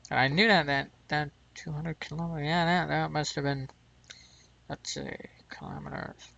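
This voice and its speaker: A man's voice: a little high, measured pace, vocal fry, pauses often, a bit bright, highs cut off. An American man hosting his gaming channel, rambling through casual gameplay commentary and chuckling at his own mistakes. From United States.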